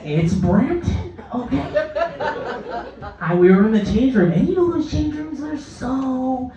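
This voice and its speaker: A woman's voice: high-pitched, measured pace. A woman performing a stand-up comedy set on a club stage, telling stories and acting out the voices in them with lots of animation. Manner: animated, acts out her own and others' voices. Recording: echoey comedy club from far off, dull sound, crowd laughing. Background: audience laughter.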